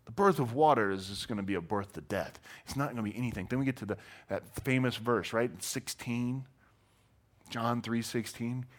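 A man's voice: mid-range voice, moderate pace. A man preaching a sermon in a casual, conversational way, telling stories and acting out the voices of the people in them. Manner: animated storytelling, acts out voices. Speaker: pastor.

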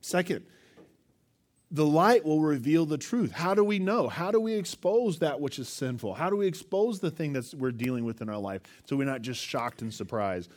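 In his sermon, a pastor with a fairly high voice and moderate pace brings stories to life, acting out quotes. He also asks the congregation questions.

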